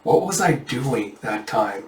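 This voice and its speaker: A man voicing a brooding young male dragon warrior, speaking in a quiet, awed, ominous way. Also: medium pitch, lively intonation, takes it slowly. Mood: quietly ominous. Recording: roomy, distant mic.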